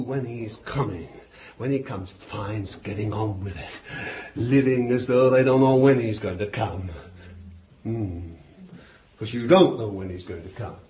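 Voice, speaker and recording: A man preaching a fervent sermon, swinging from loud exclaiming to hushed whispers. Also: mid-range voice. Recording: dull lo-fi recording with faint hiss.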